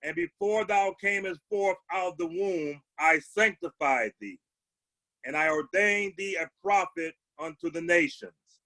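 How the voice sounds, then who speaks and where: Man, scripture reader, measured solemn reading, dry close sound. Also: sits high, bright, forceful tone, no room sound, low-quality recording.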